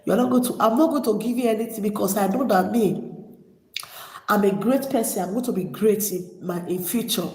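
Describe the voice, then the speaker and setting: A Nigerian woman vlogger telling her personal story, emotional and halting, holding back tears. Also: mid-range voice, a little mellow. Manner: emotional, halting, many restarts. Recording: echoey hall with long reverb.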